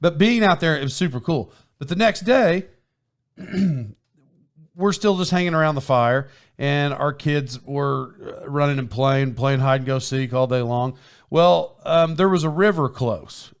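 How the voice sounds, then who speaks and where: A man with a somewhat high voice tells a story on his podcast in loose, casual chat. He rambles, restarts his sentences and laughs as he goes, speaking into a microphone with a foam windscreen. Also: measured pace. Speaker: podcast host.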